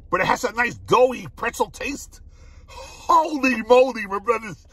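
An excitable man tasting food on camera, his voice husky and sitting high. He talks in a lively, swooping way and keeps breaking into laughs and cries of delight. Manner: excitable, repeats "my brothers", laughs often. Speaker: food reviewer. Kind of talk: casual food review vlog.

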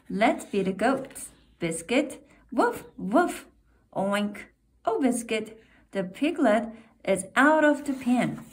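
A woman reads a children's picture book aloud, very slowly and with clear words. Her voice sits a bit high and swings up and down in a sing-song way. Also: a little mellow. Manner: slow, clear and sing-song for young listeners. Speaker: storybook reader.

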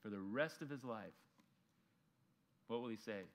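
A man's voice: mid-range voice, measured pace. Casual-talking male pastor. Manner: conversational, acts out voices of people in the story. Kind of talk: sermon.

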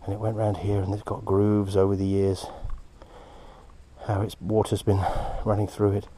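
A man hosting a casual vlog outdoors at a quarry. He talks excitedly, gasping and dropping into breathy whispers. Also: fairly low pitch, moderate pace, a little hiss or hum. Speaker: host, moldavite hunter.

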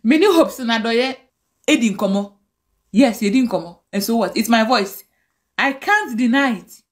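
A woman's voice: on the high side, expressive, normal speed. A Ghanaian woman with a Ghanaian accent, ranting angrily and scolding in a direct-to-camera video. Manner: angry, scolding rant mixing languages.

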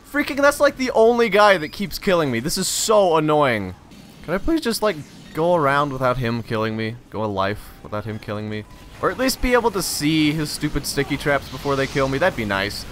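A man giving live gameplay commentary, frustrated and ranting, sometimes breaking into loud shouts. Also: sits high, slight background noise. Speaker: gamer recording gameplay commentary.

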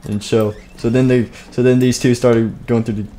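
A man's voice: medium pitch, flat delivery, moderate pace, warm tone. Male streamer, loose goofy storyteller, light keyboard noise underneath. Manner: rambling, goofy, with fillers and sound effects. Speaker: live streamer. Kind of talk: improvised game story narration.

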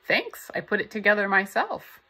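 A woman's voice: medium pitch, big pitch swings, normal speed, pushed and bright. A woman reading the lines of an encouraging young female classroom aide, earnest in manner.

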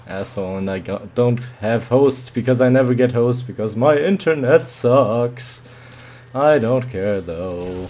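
Guy muttering n swearing over his own shooter match, slow talker, yelps now n then. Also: medium pitch, animated, darkish tone, a little hiss or hum. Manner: profane, muttering, with sudden yelps. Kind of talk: live gameplay commentary.

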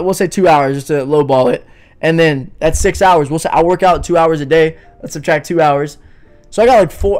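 A man's voice: a little high, a little mellow. A young man hosting a casual livestream, joking and rambling while answering his chat and saying "bro" a lot. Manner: joking, rambling, reads and answers chat, says "bro" and "you know what I mean". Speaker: livestream podcast host.

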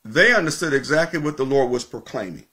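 A man preaches from the pulpit in a steady mid-range voice. He teaches with emphatic repetition, drawing out important words slowly to drive them home. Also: mid-range voice. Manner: emphatic teaching, repeating key phrases, slowing for stress. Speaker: pastor. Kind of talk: sermon.

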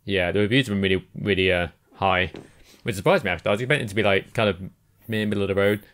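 A man's voice: on the low side, very fast, fairly bright tone. A man co-hosting a gaming podcast, talking casually, laughing often and agreeing with his co-host. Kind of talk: casual chat.

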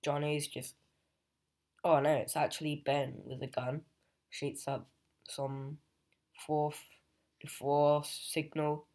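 A man's voice: fairly high pitch, flat delivery, slow pace, pauses often, darkish tone. A man casually recapping a comic book's plot, rambling with fillers and restarts. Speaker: comic book reviewer.

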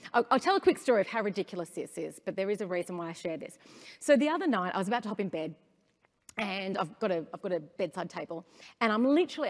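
A middle-aged woman with an Australian accent gives a conference talk, telling stories with energy and asking the audience questions. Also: mid-range voice. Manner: animated storytelling, asks the audience questions. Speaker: conference speaker. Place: conference hall stage. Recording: long hall reverb.

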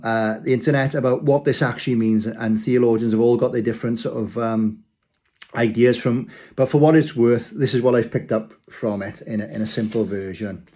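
A man's voice: mid-range voice, dark tone. A man giving an informal, rambling sermon-style talk to his church, telling a story with frequent restarts. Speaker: church speaker.

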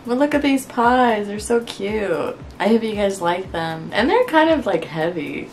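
A woman's voice: medium pitch, animated, a little slow, darkish tone, faint music behind. A woman chatting casually to camera as a crafting vlogger, unwell and worn out, rambling in a wry, frustrated way and laughing through her complaints.

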